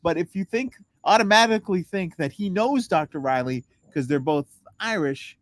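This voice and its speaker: Middle-aged guy cohost, dry jokes, lively highish voice. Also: normal speed, dry recording. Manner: dry wisecracking asides. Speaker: podcast co-host. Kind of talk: casual chat.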